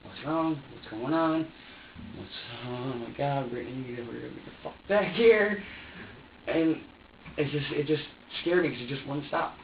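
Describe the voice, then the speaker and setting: A man's voice: medium pitch, a little slow, gravelly, a little hiss or hum. A man answering questions in a police interrogation, rambling, repeating himself and acting out what he said. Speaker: suspect being questioned. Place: interrogation room. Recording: echoey, distant, dull lo-fi room recording.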